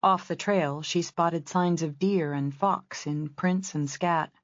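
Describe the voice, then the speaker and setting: A woman narrating a romance novel as an audiobook in a steady, descriptive reading. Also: deep voice, slow, no room sound, dull audio.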